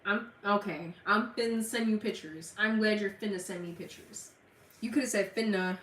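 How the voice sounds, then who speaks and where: On a casual livestream, a young woman from the Gulf Coast with a Southern accent trades blunt, slang-heavy banter with viewers and laughs frequently. She has a mid-range, slightly bright voice at a normal speed. The mic is far off in a room with echo.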